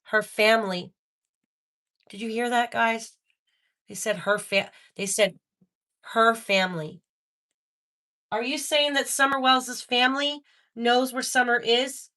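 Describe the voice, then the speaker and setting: A woman hosting a live-stream spirit box session, excitable and talking straight to her viewers. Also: fairly high pitch, slow pace, pauses often.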